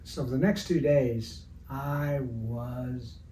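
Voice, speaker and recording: A man's voice: mid-range voice, fairly even intonation, very slow, warm tone. An older retired art teacher telling anecdotes in an interview, with a rambling, storytelling manner, in his studio. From Evansville, Indiana area. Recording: roomy, distant mic with faint noise.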